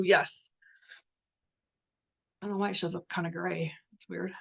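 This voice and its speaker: A woman's voice: lowish voice, measured pace, creaky, pauses often. Middle-aged woman, candid and earnest, spiritual talk, swears now and then. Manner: candid, earnest, swears, reads out participants' messages. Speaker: workshop facilitator.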